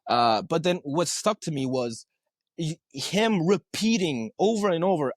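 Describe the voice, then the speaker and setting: An earnest man talks as a podcast guest in a fairly high voice, recorded dry and close. He tells personal anecdotes with animation, repeats himself as he searches for words and keeps asking "right?". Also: animated, a little slow, dry recording. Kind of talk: conversational storytelling.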